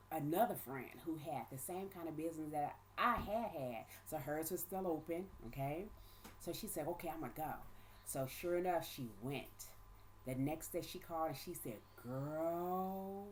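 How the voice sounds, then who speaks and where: At home with her child nearby, a woman shares her own story in a casual vlog, animatedly acting out what people said in shifting voices. She laughs often and drops asides like "right?" and "okay?", speaking in a low voice at normal speed over a slight hiss or hum.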